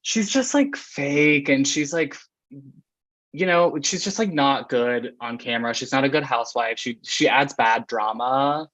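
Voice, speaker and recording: A man's voice: medium pitch, a little slow, fairly bright tone, no room sound. A man chatting as a podcast guest in a gossipy way, laughing often. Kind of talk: casual chat.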